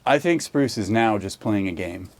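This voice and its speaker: A man's voice: fairly low pitch, expressive, moderate pace, dry recording. Easygoing farm vlogger man. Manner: easygoing, talks to animals, laughs often. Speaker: homestead vlogger. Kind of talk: casual chat while doing farm chores. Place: outdoor animal pen.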